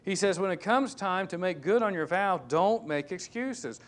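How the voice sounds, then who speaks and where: A male pastor preaching a sermon, emphatic and repetitive, swinging between loud stresses and hushed asides. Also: sits high, normal speed. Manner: repeats key words for stress.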